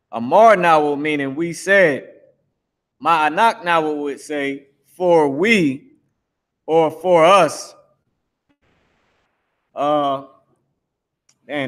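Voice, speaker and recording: With a slightly high, somewhat bright voice, a man runs a live language lesson streaming on Facebook and YouTube. He keeps it casual, says things more than once, and complains when the connection cuts out.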